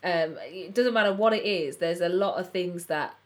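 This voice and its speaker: A woman's voice: lowish voice, moderate pace. A woman co-hosting a podcast, talking in an earnest, reflective way. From English Midlands. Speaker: podcast co-host. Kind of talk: casual chat.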